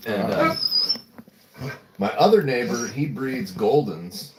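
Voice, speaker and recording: A man's voice: mid-range voice, animated, takes it slowly, roomy sound, heavy background noise. A man hosting a livestream, telling rambling stories in casual chat, swearing and acting out voices. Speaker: livestream host.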